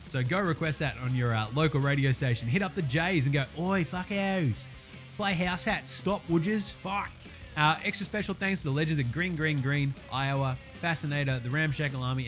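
A man with an Australian accent hosting a basketball podcast, talking in a relaxed, sweary, laid-back way. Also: a little high. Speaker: podcast host. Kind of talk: casual podcast chat.

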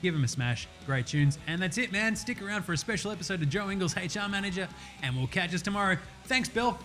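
A man with an Australian accent hosting a casual sports podcast, loud, profane and joking. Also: sits high, lively intonation, quick pace, faint music behind. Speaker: podcast host.

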